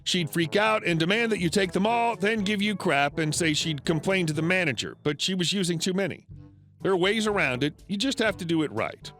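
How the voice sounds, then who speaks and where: A man narrating online stories in a steady, scripted storytelling read. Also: high voice, fairly quick. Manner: steady storytelling read with lively swings into quoted characters. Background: faint background music.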